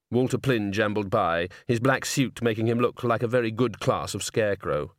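This scripted narration of a comic fantasy audiobook comes from a man with a fairly low voice. He tells the story in a steady, measured way, recorded dry in a clean studio.

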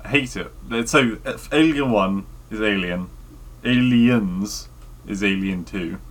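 A man co-hosting a podcast, telling stories in a rambling, animated way. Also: lowish voice, unhurried. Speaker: podcast co-host. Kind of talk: casual chat.

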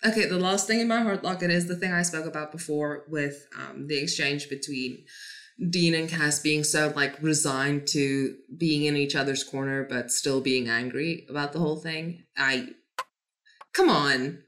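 Woman co-host, fairly low voice, casual enthusiastic fan chat, salty language. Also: fairly even intonation, normal speed, a bit bright. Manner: gushing, swears freely, many fillers. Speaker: podcast co-host.

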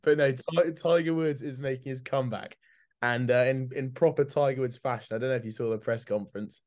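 A man's voice: medium pitch, a little fast, a little mellow. A man, co-hosting a casual sports podcast, laughing often, calling his friend mate, and repeating words as he goes. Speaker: podcast co-host.

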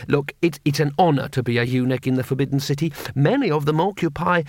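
A man's voice: a little high, fast, a little mellow, no echo, clean studio sound, natural voice. A man voicing a nervous, pedantic schoolteacher who hesitates and keeps correcting others.

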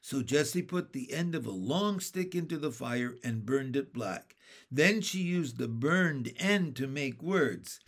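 A man reading a children's book aloud as narrator, slow and careful. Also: medium pitch, animated.

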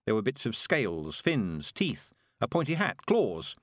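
A man narrating an audiobook with expressive storytelling. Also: medium pitch, measured pace, no echo, clean studio sound. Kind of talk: scripted narration.

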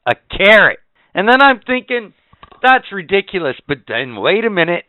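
A man's voice: high voice, big pitch swings, moderate pace, no room sound. Ranting profane man, tinny phone-like line. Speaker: podcast co-host. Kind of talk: casual chat. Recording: tinny phone-like sound, dry.

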